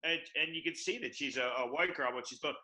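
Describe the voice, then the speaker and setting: A man's voice: a little high, fast talker, sharp tone, low-quality recording. A man in an improv class casually telling a rambling anecdote.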